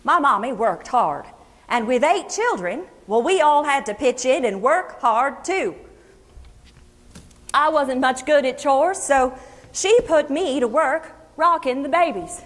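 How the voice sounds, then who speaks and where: An actress playing a folksy Kentucky hill singer. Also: female voice, high voice, lively intonation. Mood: reminiscing. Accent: Kentucky Appalachian. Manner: folksy, chatty, unhurried storytelling. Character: homespun Kentucky country singer woman, plainspoken, fond storyteller. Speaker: actress in a historical portrayal. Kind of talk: first-person historical monologue. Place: luncheon hall before an audience. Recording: echoey hall with long reverb.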